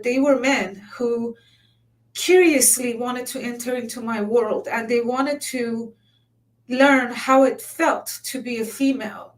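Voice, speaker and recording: Earnest woman telling her story, slightly distant. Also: fairly high pitch. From Iran. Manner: earnest and emotional, halting with restarts. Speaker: lawyer and summit speaker. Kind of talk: personal story talk. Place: conference stage.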